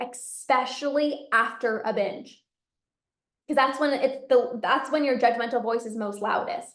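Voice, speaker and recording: High-voiced woman coaching emphatically. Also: echoey room. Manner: emphatic, repeats key phrases, coaching directly. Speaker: binge eating coach. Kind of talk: motivational talk to a live audience.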